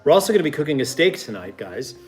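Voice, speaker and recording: A man's voice: on the high side, big pitch swings, fast, a little mellow, faint music behind. A man hosting a casual home cooking show, swearing freely and cracking jokes while he mixes drinks and explains the recipe. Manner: profane, wisecracking.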